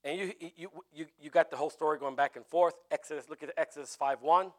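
A man preaching a sermon in an animated way, with jokey asides. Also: fairly high pitch, fast.

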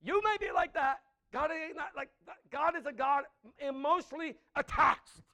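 A man preaching a sermon with passion, moving between loud emphatic lines and soft, intimate ones, laughing between points. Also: extremely high pitch, moderate pace. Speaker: pastor.

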